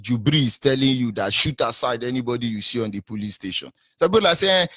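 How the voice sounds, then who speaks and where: A Nigerian man hosts a call-in show, speaking in an impassioned, preachy, rallying way. He has a mid-range pitch, and his voice sounds dry and close. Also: lively intonation, fast, hardly any pauses, pushed and bright, no echo. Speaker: radio talk show host.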